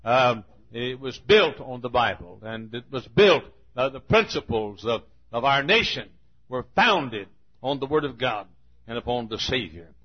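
A male pastor preaching a fiery sermon with dramatic pauses and repeated refrains. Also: medium pitch, big pitch swings, husky, highs cut off.

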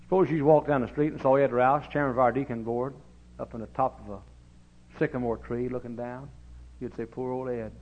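A man preaching a sermon in a folksy, storytelling way, swinging into shouted exhortation. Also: mid-range voice, steady tone, fairly quick. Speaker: pastor. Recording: dull lo-fi recording.

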